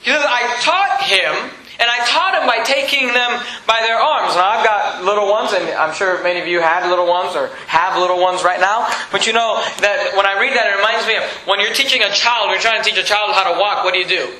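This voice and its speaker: A man's voice: high voice, fast talker, few pauses, sharp tone, reverberant, poor audio. A man preaching a sermon, repeating his points and questioning the congregation emphatically. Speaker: pastor.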